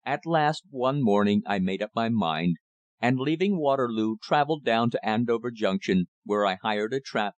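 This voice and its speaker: A man reading an audiobook as narrator in a measured, steady manner. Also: medium pitch, no echo, highs cut off.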